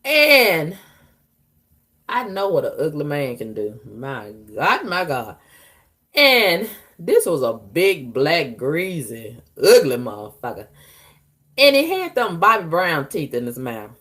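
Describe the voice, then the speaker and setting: A woman's voice: sits low, wildly swooping pitch, takes it slowly, fairly bright tone. A woman vlogger, bluntly and profanely telling her dating stories, laughing often. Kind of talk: candid storytelling monologue.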